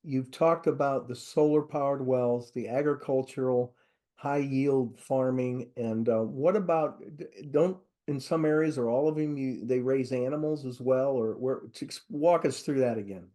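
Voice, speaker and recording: A man hosting a podcast, asking his guest halting questions with several restarts. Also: mid-range voice, mellow. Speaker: podcast host. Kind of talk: interviewing a guest.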